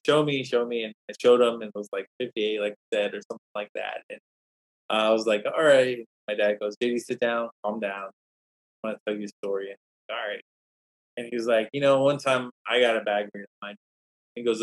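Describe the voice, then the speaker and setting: A man's voice: fairly low pitch, low-quality recording. A man, a scholar who is a guest on a podcast, telling a long personal story in a rambling, anecdotal way, with many restarts. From Native American community.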